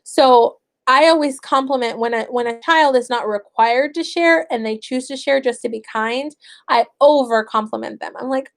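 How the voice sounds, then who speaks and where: High-voiced young mother chatting. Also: moderate pace. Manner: chatty, animated, acts out what she tells her kids. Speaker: stay-at-home mother starting homeschooling. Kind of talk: casual vlog chat.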